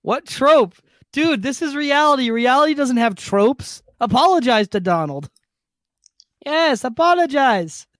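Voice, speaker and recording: A man's voice: very high voice, big pitch swings, a little slow, a bit bright, no room sound, exaggerated voice. A podcaster putting on the voice of a smug, obnoxious man with a vague, hard-to-place accent, recorded dry over voice chat. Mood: indignant. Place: home, talking over an online voice call. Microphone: computer mic on a voice chat app.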